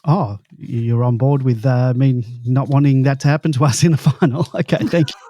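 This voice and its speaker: A man hosting a casual sports podcast, reading out listener questions in a dry, steady way. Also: mid-range voice, moderate pace, no echo. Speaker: podcast host.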